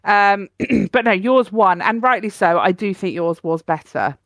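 A woman's voice: mid-range voice, measured pace, dry recording, studio quality. A woman co-hosting a podcast in a casual, playful chat, keen to tell jokes. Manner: chatty and playful, tells jokes. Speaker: podcast co-host.

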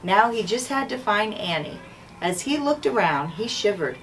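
A woman school principal reading a children's chapter book aloud in a clear, measured way. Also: medium pitch, big pitch swings, fairly bright tone. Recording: distant mic, faint background noise.

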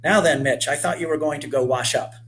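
A man voicing a brisk, gently scolding mother in a children's story. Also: a little high, a little hiss or hum.

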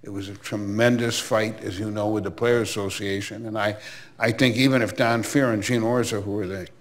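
A man's voice: fairly low pitch, steady tone, fairly quick. An older man from Milwaukee, a former baseball commissioner, telling anecdotes in an interview with chatty asides. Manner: anecdotal, warm reminiscing with asides. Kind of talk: storytelling interview.

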